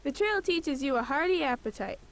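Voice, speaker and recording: A woman's voice: sits high, animated, brisk, music in the background. A woman voicing a hardy, plainspoken pioneer woman in a computer game. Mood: content.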